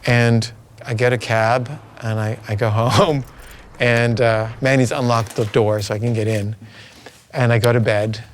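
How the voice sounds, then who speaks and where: A man's voice: mid-range voice, steady tone, measured pace. A middle-aged man telling a personal story in a rambling, anxious way full of fillers. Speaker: filmmaker recounting his life.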